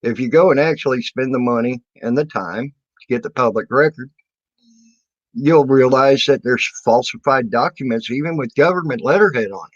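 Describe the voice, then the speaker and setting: A man's voice: mid-range voice, normal speed, no echo. Rambling man in a dull, dry recording. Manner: rambling and defensive, full of fillers and restarts. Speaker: video maker answering his community. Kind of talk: casual monologue to viewers.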